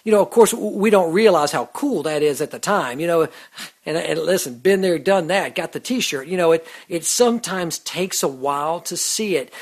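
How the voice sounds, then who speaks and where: A man's voice: on the high side, expressive, moderate pace. A man hosting a Christian radio show, talking about faith in an earnest, casual way, with lots of "you know" and restarts. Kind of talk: casual devotional talk.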